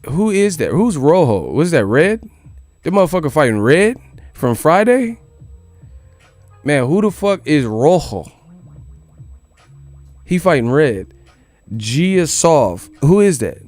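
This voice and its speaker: A man's voice: fairly high pitch, sing-song, takes it slowly, pauses often, darkish tone, no echo, soft background music. A man hosting a boxing news channel in casual commentary, joking and incredulous, with plenty of swearing. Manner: incredulous, joking, profane rant.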